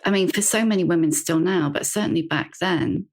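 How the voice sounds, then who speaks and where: Low-voiced woman podcast host. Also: brisk, creaky. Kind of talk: conversational interview.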